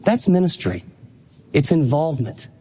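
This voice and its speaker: A man's voice: very animated, moderate pace, warm tone, husky. A male pastor preaching a sermon, emphatic and impassioned, pressing his points with urgency. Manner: impassioned, emphatic preaching with rising pitch on exhortations.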